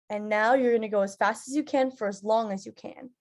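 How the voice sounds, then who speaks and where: A woman with a fairly high voice walks a group through acting warm-ups. She talks loosely, with many fillers, and bursts into loud roars and sirens to show each exercise. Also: fairly quick, hardly any pauses. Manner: instructive, filler-heavy, with loud vocal demonstrations. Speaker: drama teacher. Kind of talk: leading theatre warm-up exercises.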